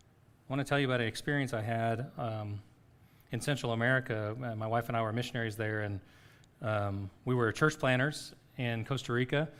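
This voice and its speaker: Middle-aged male pastor, sermon, earnest questioning delivery, soft and paused when guiding reflection. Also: medium pitch, clean tone. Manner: soft-spoken guided reflection, pauses between phrases.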